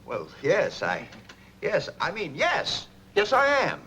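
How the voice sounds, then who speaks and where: An actor playing an excitable, blustering middle-aged boss with a theatrical way of talking, in 1940s film acting. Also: male voice, high voice, slow pace, slight background noise, heavily acted. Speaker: businessman.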